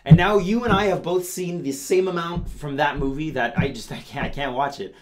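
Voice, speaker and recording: A man's voice: on the high side, moderate pace, a loud crowd. A man hosting a comedic news show, playful and gushing as he talks straight to his audience.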